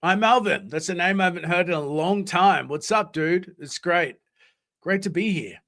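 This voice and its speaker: His voice sits high and a bit bright, moving at a moderate pace. The Australian streamer keeps things casual, swears liberally and responds to messages from his chat.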